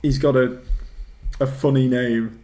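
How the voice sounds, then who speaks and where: A man's voice: medium pitch, steady tone, unhurried, mellow. A man in casual podcast chat, rambling through a film recap and laughing often. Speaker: podcast co-host.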